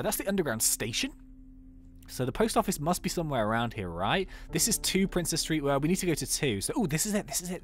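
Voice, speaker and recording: A man giving casual, playful game commentary, thinking aloud as he plays. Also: a little high. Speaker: gaming YouTuber.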